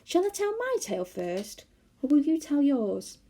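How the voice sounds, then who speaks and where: A woman's voice: high voice, sing-song, unhurried, mellow, voice pushed up, full character voice. Joe, a woman voicing a cheerful young boy. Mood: delighted.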